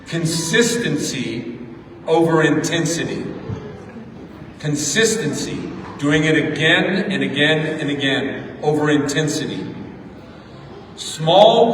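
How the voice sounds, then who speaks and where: A slightly high, somewhat bright voice belongs to a middle-aged man speaking at a graduation ceremony in a large hall. He motivates the audience with a story and repeated words for emphasis; the far-off, echoey recording has a little hiss or hum.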